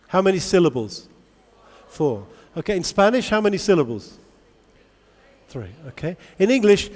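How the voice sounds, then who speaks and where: A man giving a lively conference talk to English teachers, asking the audience many questions. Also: high-pitched, moderate pace, pauses often. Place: large convention hall. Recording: long hall reverb.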